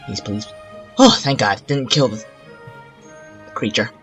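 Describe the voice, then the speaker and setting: A man's voice: medium pitch, takes it slowly, a bit bright, soft background music. A man giving rambling casual commentary while playing a park-building game, with exasperated asides. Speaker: gaming channel host. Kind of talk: casual let's-play commentary.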